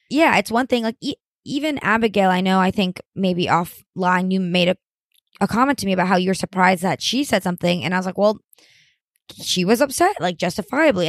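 A woman's voice: on the low side, no echo, clean studio sound. A woman co-hosting a podcast in casual recap chat, blunt and casually swearing. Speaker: podcast co-host.

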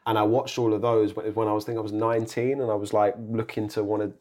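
A young man with a fairly low voice tells rambling stories as a podcast guest. His delivery is casual and animated, full of restarts and asides. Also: fast talker. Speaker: actor guest. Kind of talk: casual interview chat.

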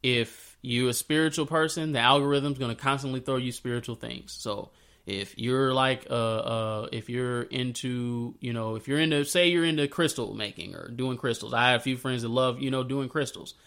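A man telling a Bible story in a casual, slangy way, breaking into animated retellings of the scenes. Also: medium pitch, moderate pace. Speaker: speaker sharing a faith story. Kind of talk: casual spoken reflection.

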